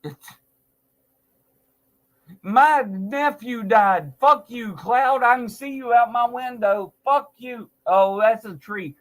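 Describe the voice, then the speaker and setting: A man in his forties rants to his viewers in a high voice for a man. He speaks slowly and drags out his words. He is sarcastic and swears through nearly every line. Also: fairly bright tone. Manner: angry, sarcastic, heavy swearing. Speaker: vlogger. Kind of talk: profane ranting monologue.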